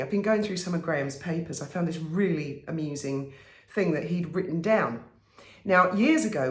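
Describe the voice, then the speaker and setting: A woman vlogger telling stories to camera in a casual way, animated and wry, often exasperated. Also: fairly low pitch, echoey room. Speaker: vlogger and commentator.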